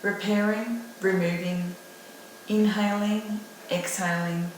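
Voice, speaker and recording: A woman with an Australian accent reading her own poem slowly and deliberately. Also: medium pitch, recorded from a distance, a little hiss or hum. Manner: slow, deliberate, calm reading. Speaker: poet. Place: at home. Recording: very echoey room, voice off-mic.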